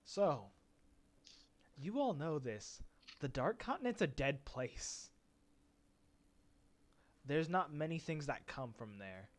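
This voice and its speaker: Casual game master with a slightly high voice. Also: male voice, sing-song, takes it slowly, pauses often. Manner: casual, hesitant, with many fillers. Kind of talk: narrating a tabletop game.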